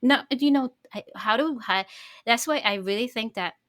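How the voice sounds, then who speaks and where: A woman chef hosting a podcast, speaking earnestly and deliberately with some non-native phrasing. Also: on the high side, fairly bright tone, dry recording. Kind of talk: casual podcast chat.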